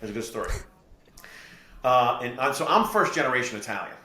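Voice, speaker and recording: A middle-aged man from New Jersey, a podcast guest and real estate investor, explaining his ideas through steady anecdotes. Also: mid-range voice, fairly quick, a little hiss or hum. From New Jersey, USA. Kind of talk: podcast interview storytelling. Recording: echoey room.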